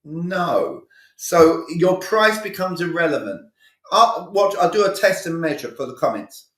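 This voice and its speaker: A man's voice: on the high side, big pitch swings, unhurried, fairly bright tone, roomy sound. A male communication coach giving a live online sales training, talking energetically and with emphasis, acting out sales dialogues.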